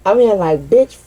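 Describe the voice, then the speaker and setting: A woman's voice: on the low side, mellow, low-quality recording. A woman doing a casual tarot reading for viewers. She talks bluntly, swears freely, leans on "like" as filler and keeps asking her audience if they follow. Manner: blunt and profane, heavy on "like" fillers; talks directly to viewers, often asks "you feel what I'm saying?". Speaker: tarot reader.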